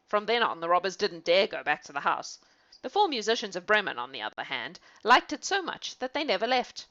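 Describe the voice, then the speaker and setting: A woman reading a fairy tale aloud in an animated way, with laughing asides to her listener. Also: mid-range voice, fairly quick, lo-fi sound. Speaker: storyteller. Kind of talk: storybook reading.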